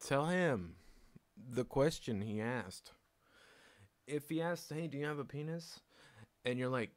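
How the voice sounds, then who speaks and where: A man's voice: medium pitch, measured pace, pauses often. A man streaming alone, ranting bluntly with lots of swearing and laughter, acting out both sides of conversations. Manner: blunt, swearing, laughs often, acts out exchanges. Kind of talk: casual ranting monologue.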